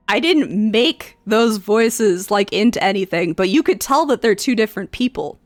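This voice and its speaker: A woman's voice: lively intonation, moderate pace, few pauses, no echo, soft background music. A woman streamer and game master chatting casually and reading forum posts aloud, rambling with a mid-range voice. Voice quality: voice neither very high nor very low. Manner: rambling, many fillers and restarts.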